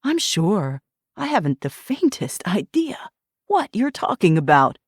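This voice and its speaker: A woman narrator voicing a cold, unflappable male mercenary boss who speaks with calm menace and dry sarcasm. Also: medium pitch, measured pace, breathy edge, dry recording, pitched above the performer's own voice. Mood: sardonic.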